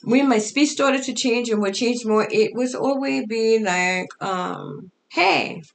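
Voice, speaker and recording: Middle-aged woman, kinda high gravelly voice, foreign-sounding altered speech, halting casual storytelling. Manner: halting, with fillers and restarts. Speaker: storyteller sharing her life.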